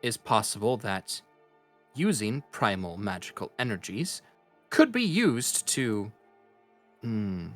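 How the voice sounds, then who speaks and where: Man doing an ancient magic orb, solemn, formal archaic speech, measured, animated pitch. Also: faint music behind, full character voice.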